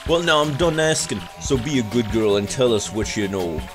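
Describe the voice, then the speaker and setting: A man voicing a rough, bossy male thug in a video game, sneering. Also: mid-range voice, expressive, moderate pace, over music, natural voice. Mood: menacing.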